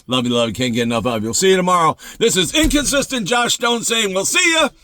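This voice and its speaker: A man hosting a devotional show, preaching in an excitable, emphatic way, repeating phrases and often breaking into laughter. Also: high voice, fast, no room sound.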